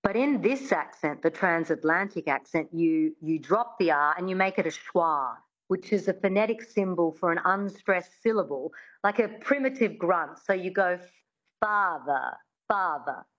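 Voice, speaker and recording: A woman who grew up in Australia works as a dialect coach, breaking sounds down and saying them slowly for her student. The recording is a little dull and muffled. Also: fairly low pitch, lively intonation. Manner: demonstrative, slows down to model sounds. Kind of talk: teaching an accent in an interview.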